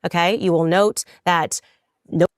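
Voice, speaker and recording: A woman's voice: lowish voice, fairly even intonation, measured pace, clean tone, no echo, studio quality. A woman in a played clip, arguing her case indignantly with pointed rhetorical questions. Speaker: commentator defending herself.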